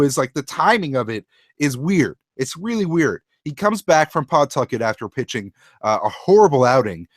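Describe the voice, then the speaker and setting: A man's voice: a little high, dry recording. A young man co-hosting a casual sports talk show, opinionated and rambling, often restarting his sentences. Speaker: co-host.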